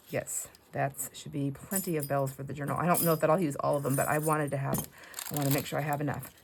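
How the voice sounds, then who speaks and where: A middle-aged woman hosting a casual crafting vlog. She chats warmly to viewers, gushing and laughing, with frequent restarts. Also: low-pitched, moderate pace, noisy background. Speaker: craft channel host.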